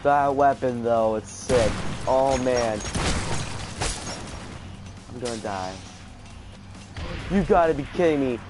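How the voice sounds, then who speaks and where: A man giving casual let's play commentary, panicking out loud and repeating his exclamations. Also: mid-range voice, slow pace, pauses often, over music. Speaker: gaming video host.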